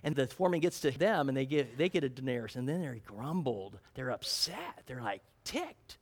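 A man's voice: medium pitch, very animated, normal speed. A man preaching a sermon in a conversational way, often asking his congregation questions. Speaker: pastor.

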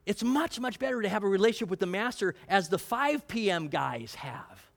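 Rich: A male preacher with a high, animated voice that leaps up and down. He talks through his sermon casually and keeps quizzing the congregation. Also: vocal fry. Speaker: pastor.

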